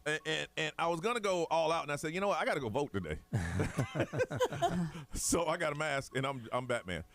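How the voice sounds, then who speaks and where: A man's voice: fairly high pitch, expressive, a little fast, a bit bright, soft background music. A man hosting a morning radio show, joking and laughing often as he tells stories in casual banter. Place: radio studio.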